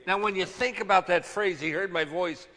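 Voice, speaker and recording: A man preaching a sermon, swinging from hushed, low phrases to loud shouted ones and drawing key words out slowly. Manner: slow, drawn-out emphasis on key words. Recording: long reverb of a large hall.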